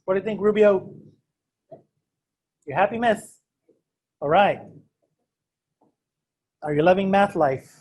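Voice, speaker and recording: A man's voice: sits high, slow, pauses often, a little mellow. A man teaching a math class in a casual, joking way, keeps quizzing his students. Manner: joking, self-deprecating. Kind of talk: classroom lecture. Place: classroom with students also on a video call.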